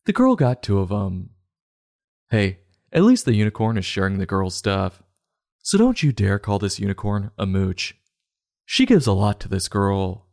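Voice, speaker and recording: A low-voiced man gives a storybook a sarcastic roast. His delivery is deadpan yet bouncy, with lots of rise and fall. His asides are irreverent. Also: moderate pace, creaky. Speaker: comedic book reader.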